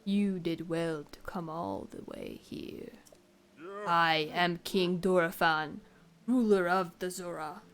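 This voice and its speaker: A woman doing a slow, stately old fish-folk king. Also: fairly low pitch, lively intonation, fairly bright tone, exaggerated voice. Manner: slow, measured and formal.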